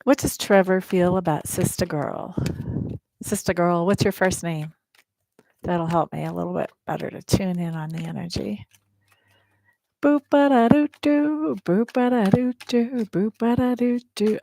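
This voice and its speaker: A woman's voice: fairly low pitch, fairly even intonation, moderate pace, vocal fry, a little mellow. A woman hosting a live tarot reading, chatting straight to her viewers in a blunt, playful way. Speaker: tarot reader and livestream host.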